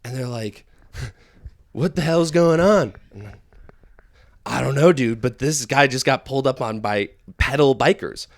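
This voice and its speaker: A man's voice: medium pitch, unhurried, long pauses. Profane storytelling man on a podcast. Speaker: podcast co-talker. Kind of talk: casual podcast chat.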